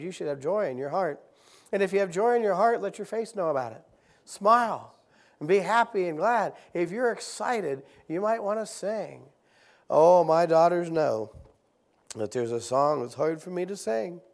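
A middle-aged man preaching a sermon, leading his congregation in call-and-response Bible reading and rising from soft-spoken asides to loud, emphatic exhortation. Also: on the high side. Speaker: visiting preacher. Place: church sanctuary.

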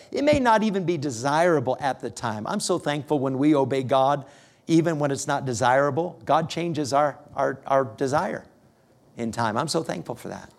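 A middle-aged man preaching a sermon as a pastor, telling a family story with gentle humor and lively rises and falls. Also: mid-range voice, vocal fry. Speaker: pastor becoming missionary.

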